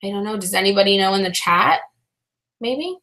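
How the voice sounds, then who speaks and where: A young woman with a bright, clear tone talks casually to her live-stream chat from home. She rambles openly, trailing into fillers and restarts, and sounds a little flat and frustrated throughout. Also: mid-range voice, fairly quick. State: low-spirited, frustrated. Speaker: reseller vlogger answering live chat.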